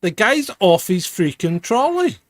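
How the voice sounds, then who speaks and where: Brief: male host, fairly high voice, blunt and opinionated, dry close mic. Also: big pitch swings, unhurried, no echo. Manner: blunt, plain-spoken, swears. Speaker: podcast host. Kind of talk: casual chat.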